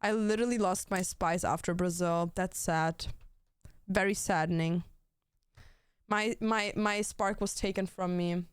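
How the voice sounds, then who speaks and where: Brief: young woman streamer, crude and rambling, smooth voice, dry close sound. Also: fairly low pitch, fairly even intonation, a little slow, no echo. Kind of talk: casual stream chat.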